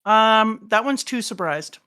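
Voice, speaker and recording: A woman's voice: on the high side, expressive, unhurried, pushed and bright, clean tone. A middle-aged woman co-hosting a livestream as the host's mother, enthusiastic and directing. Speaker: co-host, streamer's mother. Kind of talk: casual livestream chat.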